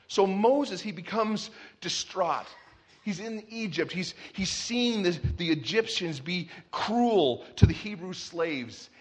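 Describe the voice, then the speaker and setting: A man preaching a sermon, telling a nursery rhyme as an animated story with shouted character voices. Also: sits high, unhurried, slightly rough. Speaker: pastor.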